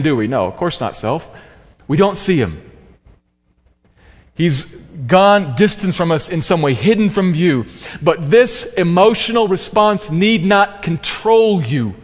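A man preaching a sermon in an earnest, emphatic way, slowing down to stress key phrases. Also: a little high. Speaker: pastor. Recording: long hall reverb.

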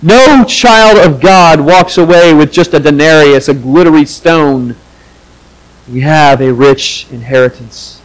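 High-voiced man preaching a sermon. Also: unhurried, poor audio. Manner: earnest preaching, acts out quoted voices with rising pitch. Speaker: pastor.

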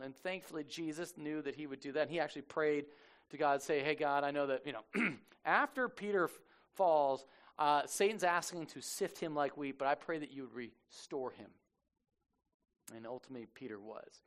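The preacher is a man who tells Bible stories in everyday slang. His tone is loose and humorous, and he slips into quick character bits. He delivers the sermon as an easy, conversational talk. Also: on the high side, a bit bright. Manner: casual, jokey storytelling, acts out characters. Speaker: pastor.

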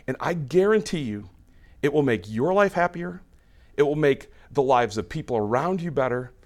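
A man's voice: medium pitch, lively intonation, moderate pace, a little mellow. A man, a pastor, preaching a sermon in a conversational way and explaining through everyday examples.

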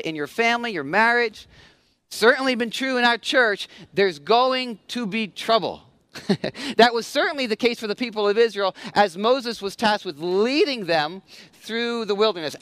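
A man with a high voice preaches a sermon, retelling the story in a loose, conversational way and tossing in quick asides to his listeners. The sound is dry and close, with no room echo. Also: fairly bright tone. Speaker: pastor. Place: outdoors in the sun.

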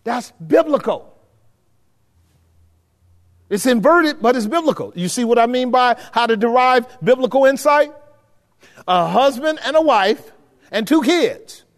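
Man, pastor, very high voice, conversational sermon, checks in with the congregation, long hall reverb. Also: lively intonation, measured pace, long pauses. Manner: conversational preaching, checking in with the room. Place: church hall with a live audience.

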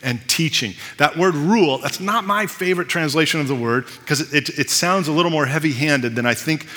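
A man's voice: on the high side, a little fast, bright, forceful tone, long reverb tail. A man preaching a sermon as pastor, conversational with self-deprecating asides.

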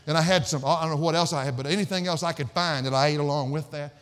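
A man preaching a sermon as pastor, swinging between loud emphatic declamation and low, conversational asides. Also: fast talker, big-room sound.

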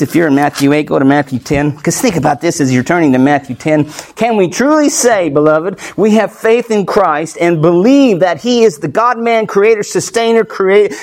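A man preaching a sermon as pastor, emphatic and often turning to the congregation with questions. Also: high-pitched.

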